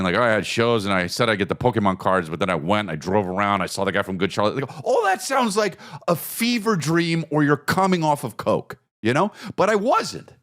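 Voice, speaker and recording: A man in his forties, a podcast host telling a casual comedic story about his kids, with sudden high-pitched bursts and lots of swearing. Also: a bit bright, no echo, clean studio sound.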